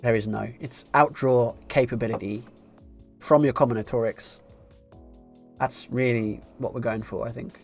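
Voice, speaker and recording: A man's voice: medium pitch, steady tone, moderate pace, faint music behind. A man streaming live poker, musing through his decisions and thinking aloud with wry asides.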